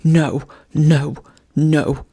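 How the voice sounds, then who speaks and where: A reader voicing a fanatically loyal male hunting dog who yelps loudly in a frenzy of devotion, read as a bedtime story. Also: medium pitch, a little slow, gravelly, slightly rough. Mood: refusing. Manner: yelping, loud and frenzied.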